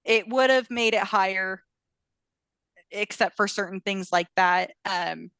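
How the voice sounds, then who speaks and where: A woman's voice: medium pitch, measured pace, a bit bright, smooth, no echo. A woman co-hosting a podcast, chatting casually about fan fiction, acting out quotes and laughing often. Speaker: podcast co-host.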